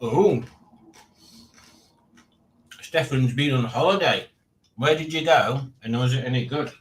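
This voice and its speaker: Male stream host, rambling and dry-humoured, mid pitch, roomy home room. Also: slow. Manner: rambling, dry playful teasing, reading chat aloud. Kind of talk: casual live stream chat.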